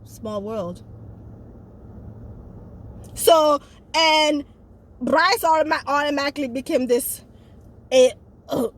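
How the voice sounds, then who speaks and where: A woman's voice: high voice, slow pace, long pauses. A woman in casual chat, reviewing a movie and talking straight to her viewers in an emphatic way.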